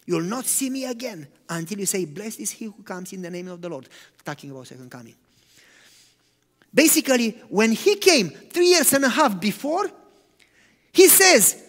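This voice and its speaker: Animated male preacher in a reverberant hall. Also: high-pitched, normal speed. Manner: animated, swings from loud to hushed. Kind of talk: sermon.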